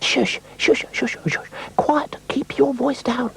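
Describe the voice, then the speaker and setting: A man voicing a fussy, jittery male snail who hushes and repeats himself. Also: very high voice, fairly even intonation, takes it slowly, creaky, exaggerated voice. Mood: hushing.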